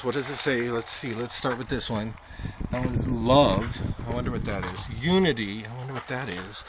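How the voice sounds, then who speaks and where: A man reads inscriptions aloud at a rural monument in a casual, wry vlog style, breaking off for dry asides. His voice sits at an ordinary middle pitch. Handheld camera audio with a clear layer of outdoor noise behind him. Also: normal speed. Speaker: vlogger visiting a monument.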